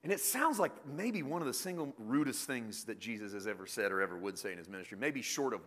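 A man preaching a sermon to a congregation, swinging from loud, emphatic points to quiet, joking asides. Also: lowish voice, lively intonation, fast talker, few pauses. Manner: jokey, self-deprecating with the congregation.

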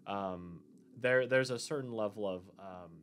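Low-voiced man running a game, hesitant. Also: a little slow, fairly bright tone, a little hiss or hum. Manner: hesitant, filler-heavy narration. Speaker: game master. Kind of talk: narrating a tabletop game.

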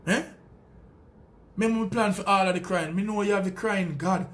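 A man's voice: high voice, normal speed, fairly bright tone. A Jamaican man, a sound system selector, delivering a heated, boastful and taunting callout full of profanity.

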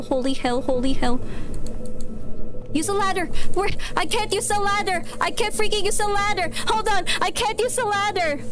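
A woman streaming a horror game, panicking and repeating herself as she talks to her chat. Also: extremely high pitch. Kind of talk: live horror game commentary.

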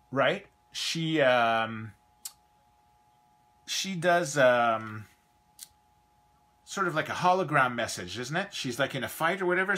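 A man's voice: mid-range voice, bright, forceful tone. A Canadian man hosting a live toy review stream, chatting casually and rambling, often trailing off mid-thought.

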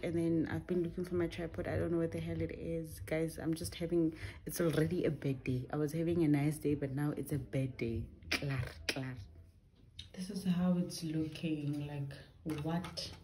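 A young woman chatting casually to her phone camera at home, talking to viewers in a lively, exasperated way. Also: deep voice, a little hiss or hum, low-quality recording. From South Africa. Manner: chatty, exasperated, quick laughs. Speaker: vlogger. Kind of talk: casual vlog chat. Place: home indoors. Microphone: phone held at arm's length.

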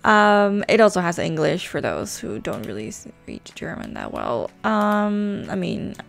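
A woman's voice: mid-range voice, wildly swooping pitch, measured pace, gravelly. A woman hosting a casual screen-recorded tutorial, chatty and rambling with a self-teasing manner, talking into a desk microphone. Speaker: gaming channel host.

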